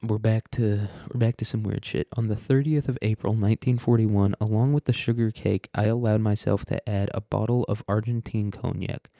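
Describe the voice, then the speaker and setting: A man's voice: on the low side, fairly even intonation, normal speed, gravelly, few pauses, warm tone, no room sound, studio quality. A young man podcast host reading a story aloud and breaking off for irreverent, profane commentary. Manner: irreverent, profane, laughs often.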